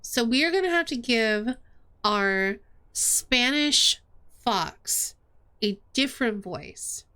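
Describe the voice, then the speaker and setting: Woman streamer chatting, self-mocking, high lively voice. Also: slow pace, clean tone. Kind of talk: reading a visual novel aloud on stream.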